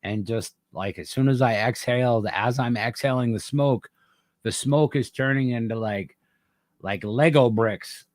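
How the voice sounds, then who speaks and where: A man's voice: medium pitch, unhurried, no echo. A man hosting a podcast, telling a wild story in casual, profane chat. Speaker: podcast host.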